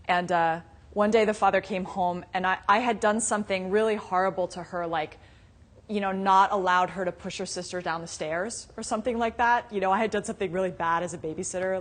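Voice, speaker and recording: A woman teaches a live Buddhist dharma class on meditation, speaking fast in a low voice with fairly even intonation. She is casual and conversational, full of "you know"s and asides, and tells stories with frequent light laughter.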